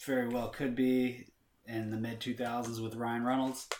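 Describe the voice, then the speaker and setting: A man's voice: mid-range voice, little pitch movement, moderate pace, darkish tone, reverberant, a little hiss or hum. A man casually chatting about movies, retelling scenes in a rambling way with lots of fillers and swearing.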